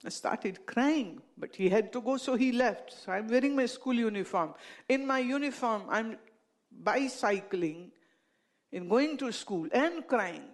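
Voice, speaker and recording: A woman's voice: fairly high pitch, expressive, a little slow. A woman with an Indian accent telling amused anecdotes to an audience, laughing at her own stories. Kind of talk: anecdotal storytelling talk.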